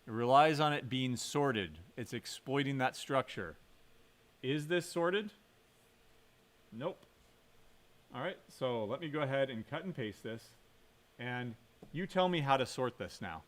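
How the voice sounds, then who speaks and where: A man's voice: mid-range voice, expressive, measured pace, long pauses. A man giving a computer science lecture while coding, thinking aloud, quizzing the class and correcting himself.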